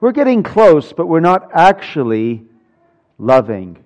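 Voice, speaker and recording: A man's voice: fairly high pitch, very animated, measured pace, darkish tone. A man preaching a sermon, telling stories with wry humor and building emphasis. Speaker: pastor. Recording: dull lo-fi sound.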